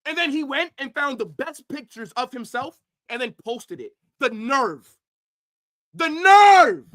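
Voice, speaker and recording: A man ranting angrily on a football livestream, profane, swinging from shouts to low mutters. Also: animated, normal speed. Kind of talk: livestream rant.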